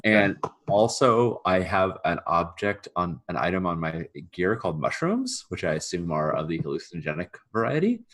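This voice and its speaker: A man's voice: low voice, sing-song, normal speed, few pauses, a bit bright. A man talking through a tabletop role-play scene with hesitant, rambling speech. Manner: hesitant, rambling, filler-heavy. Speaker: player.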